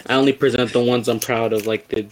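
A teenage boy hosting a casual podcast, his voice sitting at a middle pitch. He rants with heavy swearing and keeps stumbling into restarts. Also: steady tone, fast talker, a loud crowd, rough recording. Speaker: podcast host.

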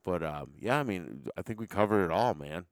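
A man's voice: sits low, expressive, fairly quick, no echo. A man co-hosting a casual podcast, laid-back and profane as he wraps up the episode. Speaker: podcast co-host. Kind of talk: casual chat.

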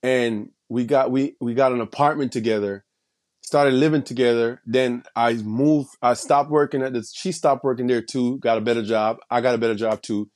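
A man's voice: mid-range voice, fairly even intonation, normal speed, darkish tone. A man telling a personal story in casual street slang, rambling, with many restarts and repeated phrases. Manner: heavy street slang and swearing.

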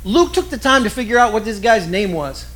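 A man preaching a sermon with lively storytelling, acting out the people he quotes. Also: high voice, fairly quick. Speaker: pastor.

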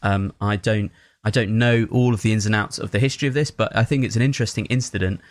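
A man who is not American, giving an animated, opinionated film review in casual chat, with many fillers and restarts. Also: fairly low pitch, fast talker, no echo, clean studio sound.

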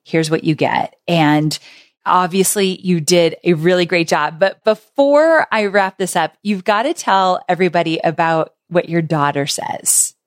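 A woman's voice: on the low side, a little slow, no room sound, studio quality. A woman hosting a podcast interview, affirming and encouraging her guest in casual conversation. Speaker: podcast host.

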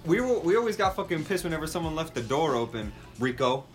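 A man's voice: fairly high pitch, fast talker, soft background music. Young man telling a rowdy story. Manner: animated, profane, acts out quotes. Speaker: friend telling a trip story. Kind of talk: casual storytelling with friends.

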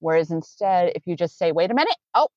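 A woman's voice: on the low side, sing-song, quick pace, a little mellow, no echo. Meandering woman coach, dull recording. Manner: meandering, self-correcting, earnest. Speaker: coach with clients. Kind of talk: conversational interview. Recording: dull lo-fi sound.

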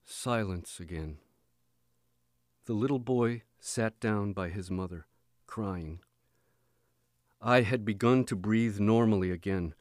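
A man reading a book chapter aloud in a measured, expressive audiobook narration. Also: lowish voice, dry recording, clean studio sound. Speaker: audiobook reader.

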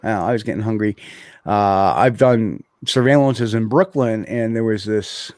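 A man's voice: on the low side, moderate pace, darkish tone, no echo. A man hosting a podcast, chatting casually with many restarts and fillers before reading out notes. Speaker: podcast host. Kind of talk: casual chat.

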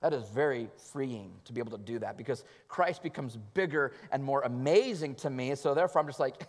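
A male pastor delivering an earnest sermon, moving between loud emphatic lines and soft, hushed passages. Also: mid-range voice, a little fast. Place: church sanctuary. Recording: long reverb of a church hall.

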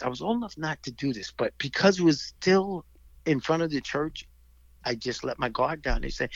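Middle-aged man, gravelly, husky voice, animated storyteller who acts out voices, slightly dull recording. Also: mid-range voice, moderate pace, no room sound. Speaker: guest storyteller. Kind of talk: casual storytelling in conversation.

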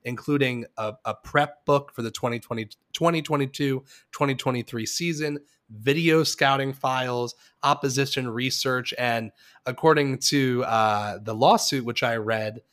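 A man co-hosts a casual podcast, walking through a news story at an easygoing pace. He hesitates often and pokes fun at himself, and his voice sits at an ordinary middle pitch. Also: moderate pace, a bit bright. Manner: self-deprecating, hesitant, many fillers. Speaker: podcast co-host. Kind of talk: casual chat.

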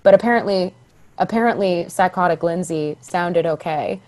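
A young woman, a stage actress, chatting as a podcast guest, telling her story with lively acted-out quotes. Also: lowish voice, normal speed, a little hiss or hum. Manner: animated, acts out quoted voices. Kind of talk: casual interview storytelling.

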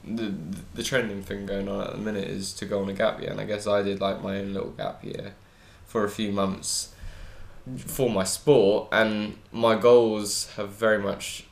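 A young man from England, an athlete guest, chatting casually with a relaxed, hesitant delivery. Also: on the low side, moderate pace, vocal fry. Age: young adult. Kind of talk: casual chat. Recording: echoey room.

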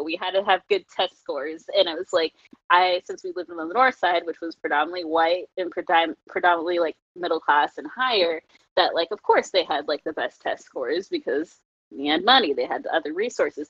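A young adult woman chatting casually, telling her own stories in an animated, profane way, full of "like" and quick laughs. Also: lowish voice, husky, no echo. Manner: animated, profane, heavy use of "like", laughs often. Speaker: guest telling personal stories. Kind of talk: casual chat. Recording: dry, slightly muffled lo-fi recording.

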